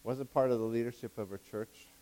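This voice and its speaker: Speaking a little fast in a mid-range voice, a man gives a sermon full of excitement. Loud fervent bursts give way to quiet asides, and he laughs at his jokes and revises his wording as he goes.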